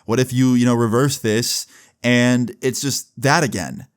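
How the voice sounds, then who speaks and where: A man's voice: mid-range voice, fairly even intonation, unhurried, clean tone, natural voice. A man voicing his blunt, loyal teenage friend in a retold story, swearing and pleading. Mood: warning. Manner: profane, pleading.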